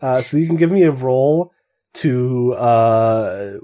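A man narrating as game master of a tabletop game, halting and self-correcting as he goes. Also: mid-range voice, lively intonation, dark tone.

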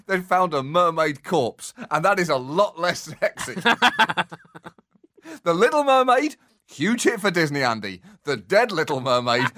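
Lively, bright-voiced male comedy co-host. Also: a little high. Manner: animated, laughs between lines, acts out phone calls. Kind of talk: satirical comedy chat.

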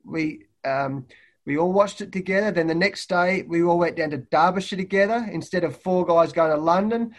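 A middle-aged Australian man, a head coach and guest, telling lively stories and acting out what people said. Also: high-pitched, moderate pace. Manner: lively anecdotes, acting out quotes loudly. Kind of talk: animated storytelling in a podcast interview. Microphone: remote call.

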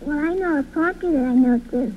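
A man's voice: extremely high pitch, brisk, pitched above the performer's own voice. A man voicing a chatty, innocent little girl with a childlike, sing-song manner in a 1930s radio comedy. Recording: tinny old radio broadcast, faint hiss.

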